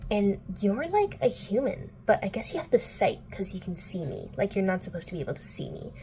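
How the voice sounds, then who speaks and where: A woman voicing a cocky, snarky teenage boy demon hunter in a teasing, sometimes hushed way. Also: mid-range voice, sing-song, brisk, slight background noise, natural voice, rough recording. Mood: smug.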